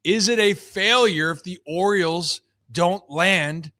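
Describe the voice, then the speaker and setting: A man's voice: sits high, takes it slowly, sharp tone, no room sound, studio quality. Upbeat man hosting a sports show. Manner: upbeat, chatty, addresses viewers directly. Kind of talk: live sports talk show opening.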